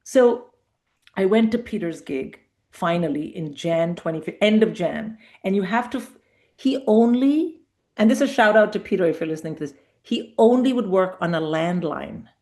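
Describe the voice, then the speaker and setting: A woman's voice: medium pitch, lively intonation, normal speed, warm tone. A middle-aged woman comedian telling anecdotes in a casual interview, acting out the voices of people she quotes. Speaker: comedian guest.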